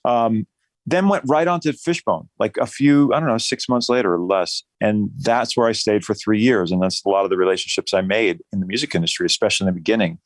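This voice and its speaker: A man's voice: lowish voice, fairly quick, no room sound. A middle-aged man from New Jersey, a musician guest telling rambling, self-deprecating stories in a casual interview.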